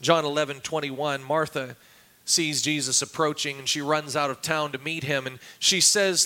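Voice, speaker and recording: Man, pastor, sermon, high voice, bright tone, dramatic quotes. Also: steady tone, normal speed. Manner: dramatic, acts out quotes with raised voice. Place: church.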